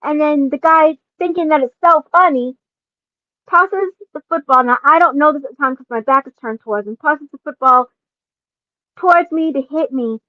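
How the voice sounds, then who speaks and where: A woman in her forties, a podcast host, casually telling a personal story with lots of laughing and animated asides. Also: high voice, normal speed, no room sound, muffled recording.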